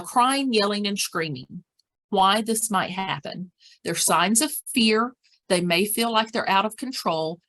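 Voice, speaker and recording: A woman leads a caregiver training session in a slightly low voice. She talks plainly and practically, and she leans on repeated words to drive her points home. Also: a bit bright. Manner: acts out example phrases and whispers. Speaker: dementia care educator. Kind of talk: training presentation.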